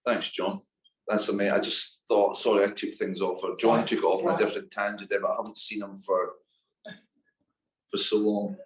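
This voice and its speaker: A man hosting a live recovery workshop, prompting and thanking a speaker in a gentle, slightly hesitant way. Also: on the low side, little pitch movement, moderate pace. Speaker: workshop host. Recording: echoey room, voice from far off.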